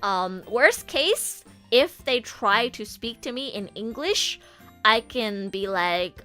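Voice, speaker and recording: Young woman podcaster, bright voice, swoops up and down a lot, giggly and chatty, soft music behind. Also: a little high, slow. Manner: chatty and animated, laughs often, many "like" fillers. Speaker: podcast host. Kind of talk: casual chat.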